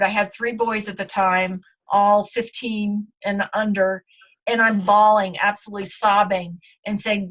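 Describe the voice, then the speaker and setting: A woman's voice: medium pitch, fairly bright tone. Woman, middle-aged, interview guest, earnest, reflective, casual storytelling. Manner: earnest and reflective, with frequent fillers.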